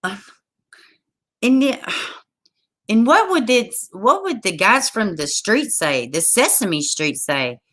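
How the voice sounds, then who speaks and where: A woman hosting a livestream from home, reading news stories aloud and reacting in an exasperated, animated way while talking straight to her viewers. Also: medium pitch, takes it slowly, pauses often. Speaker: livestream host. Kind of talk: casual news commentary to a live chat.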